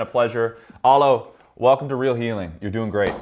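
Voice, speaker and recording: A man leading a men's group, telling stories in a blunt, profane and animated way. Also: medium pitch, moderate pace, dull audio, a little hiss or hum. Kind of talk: candid group talk.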